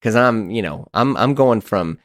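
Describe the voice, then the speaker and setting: A man in his thirties hosting a podcast, telling a story in an animated, exasperated, self-mocking way. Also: fairly low pitch, moderate pace, no echo, clean studio sound. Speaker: podcast host. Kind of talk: casual storytelling monologue.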